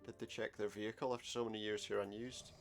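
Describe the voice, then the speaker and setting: A man's voice: fairly low pitch, little pitch movement, fast. A man playing through an adventure game, commenting wryly and reading the dialogue aloud. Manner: wry, sarcastic asides. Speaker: let's play gamer.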